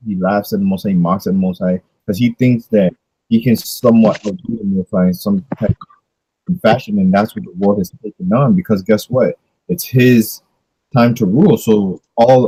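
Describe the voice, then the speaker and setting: A man's voice: lowish voice, dark tone, husky, no echo, low-quality recording. A man leading a casual religious discussion, preaching in a slangy way full of rhetorical questions.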